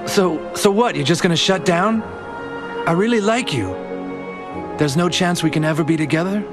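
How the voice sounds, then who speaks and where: A man acts an earnest young hero in a film, his voice slightly raised and coaxing. Clear music plays behind his lines. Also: sits high, moderate pace, lightly acted. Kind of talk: film dialogue.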